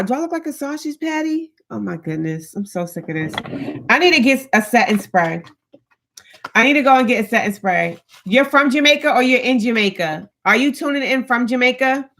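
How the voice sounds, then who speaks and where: Bright, chatty woman live-streaming. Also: fairly high pitch. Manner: chatty, greets viewers by name, laughs often. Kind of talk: casual live-stream chat with viewers. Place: home, in front of lights.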